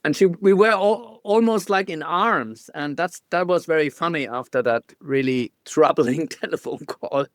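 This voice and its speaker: A man with a German accent, a guest photographer telling stories in a casual interview, halting and restarting often with small laughs. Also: a little high, a bit bright, dry recording, clean studio sound.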